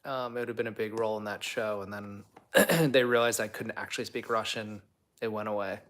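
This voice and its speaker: A man's voice: on the low side, fairly even intonation, a little fast, fairly bright tone. A young man hosting a casual livestream, answering viewer comments in a rambling, chatty way full of fillers. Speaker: livestream host and actor.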